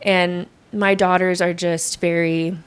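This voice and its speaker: A woman in her thirties, a podcast guest, telling a personal story in a lively, casual way and often acting out what others said. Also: lowish voice, slow, clean tone. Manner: animated, quotes others often.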